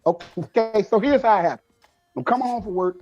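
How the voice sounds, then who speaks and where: Husky-voiced man telling a story. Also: high voice, fairly quick, highs cut off. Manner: animated, acts out the people in his story. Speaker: show co-host. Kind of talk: casual storytelling chat.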